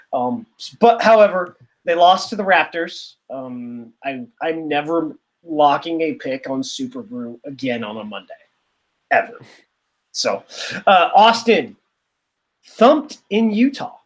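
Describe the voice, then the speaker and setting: A man co-hosting a podcast in casual chat, rambling and sarcastic, often trailing off. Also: high-pitched. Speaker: podcast co-host.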